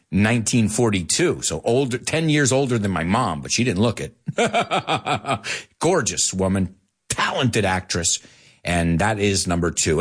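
A middle-aged man hosting a casual show, playful and laughing often, explaining English words with Spanish glosses. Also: medium pitch. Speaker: show host teaching English. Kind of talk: casual bilingual radio-style show.

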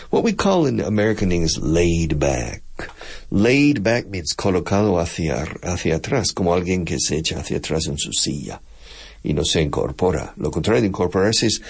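A man with a Texan accent leads a chatty radio English lesson for Spanish speakers. His voice is very low, with a gravelly, husky grain. He laughs easily and drops into explanations word by word. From Texas.

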